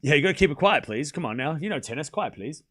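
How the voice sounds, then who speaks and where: Male stream host, casual tennis watchalong, lively pitch that jumps on big points. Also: fast. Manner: chatty, jumps between calling points and thanking viewers. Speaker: livestream host.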